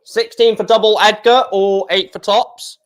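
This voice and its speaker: A man's voice: sits high, steady tone, unhurried. A man, casually chatting on a live darts stream, reading out viewer comments in a blunt, frequently swearing way.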